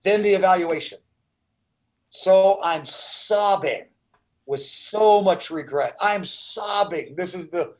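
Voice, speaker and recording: Man, sixties, high voice, earnest testimony, interview guest. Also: rough recording. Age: 60s. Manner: earnest storytelling with restarts.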